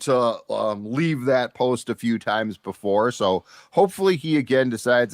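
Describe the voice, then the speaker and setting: Chatty sports-show host, dry sound. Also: male voice, mid-range voice, unhurried, no room sound. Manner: storytelling, animated when excited. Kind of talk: casual sports chat.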